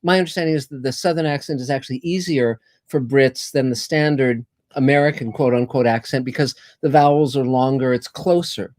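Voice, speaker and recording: A man's voice: medium pitch, brisk, few pauses, a little mellow, no room sound, studio quality. A man hosting a casual group video call, eagerly affirming others and chatting with restarts. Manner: eager, many short affirmations.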